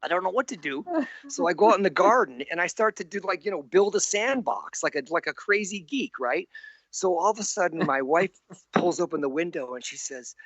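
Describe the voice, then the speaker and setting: A man's voice: high voice, animated, a little fast, a bit bright, no room sound, muffled recording. A man in his sixties, a guest animator in an interview. He tells his stories animatedly, laughs often and acts out the voices he quotes. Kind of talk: anecdotal storytelling in an interview.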